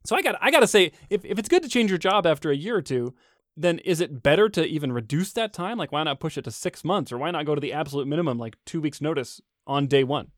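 A man's voice: fairly high pitch, animated, quick pace, dry recording, studio quality. A man co-hosting a podcast, chatting casually and laughing as he tells stories. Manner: storytelling, laughing mid-sentence. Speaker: podcast co-host. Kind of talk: casual chat.

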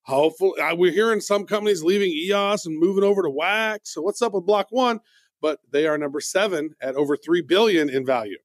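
Man, chatty podcast host, fairly high voice, dry close mic. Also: fairly quick, dry recording. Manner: chatty, many fillers, loose delivery. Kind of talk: casual podcast news rundown.

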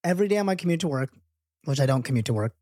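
A man appearing as a comedian guest on a podcast, chatting casually with quick, wry asides from home. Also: fairly high pitch, expressive, dark tone, no echo, studio quality. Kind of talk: casual chat.

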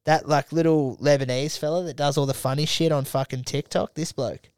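Young Aussie bloke, podcast co-host, storyteller, a bit high-pitched, dry close mic. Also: male voice, fairly even intonation, brisk, darkish tone, smooth, dry recording. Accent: Australian. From Australia. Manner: swears freely, acts out friends in quoted dialogue. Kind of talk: casual storytelling chat.

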